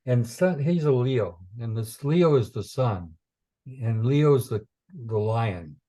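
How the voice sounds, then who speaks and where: A man explains astrology in a loose teaching talk. His voice is mellow and warm, pitched mid-range. He wanders between points, repeats himself and fills pauses with "you know" and "um", leaning earnestly into a preaching cadence. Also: lively intonation. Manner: rambling, with many fillers and repetitions. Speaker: astrologer teaching chart interpretation.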